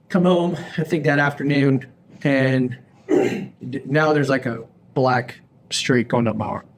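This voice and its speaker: Man in his thirties, podcast host, lively storyteller who acts out quotes, light noise behind. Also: medium pitch, normal speed. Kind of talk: casual storytelling chat. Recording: faint background noise.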